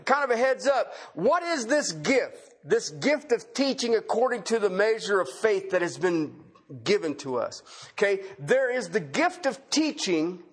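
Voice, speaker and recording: A man's voice: high voice, husky. A male preacher giving a conversational sermon, asking rhetorical questions and repeating key phrases.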